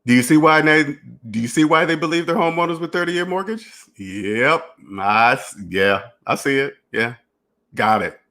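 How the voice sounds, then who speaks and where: A man's voice: on the high side, animated, moderate pace, pushed and bright. Rambling man in a solo monologue. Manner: repetitive, restarts phrases, emphatic; acts out imagined dialogues. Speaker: finance channel host.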